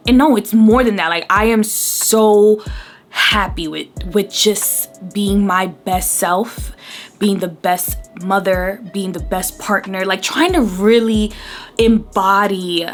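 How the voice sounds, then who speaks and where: A woman's voice: medium pitch, steady tone, slow pace, soft background music. A woman in her thirties talking casually to camera as a beauty vlogger, rambling and getting emotional as she goes. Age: 30s. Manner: chatty, rambling, easily emotional. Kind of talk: casual chat to camera while doing makeup.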